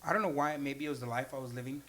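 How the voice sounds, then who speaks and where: A man's voice: medium pitch, steady tone, rapid-fire, a bit bright. A man from El Paso telling a story as a podcast guest, casually and animatedly, swearing freely and acting out the quotes. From El Paso, Texas.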